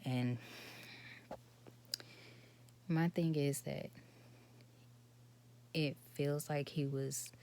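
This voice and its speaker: Gravelly, soft-spoken woman telling a story. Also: very deep voice. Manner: soft, subdued and often breathy, trailing into near-whispers. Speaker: vlogger. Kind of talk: personal storytime monologue.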